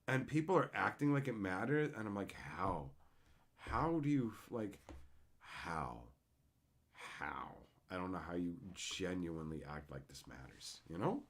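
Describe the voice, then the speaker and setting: A man's voice: fairly low pitch, expressive, normal speed. A man hosting a live stream, ranting in a sarcastic, profane way and answering chat as he goes. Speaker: streamer host. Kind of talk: profane livestream rant.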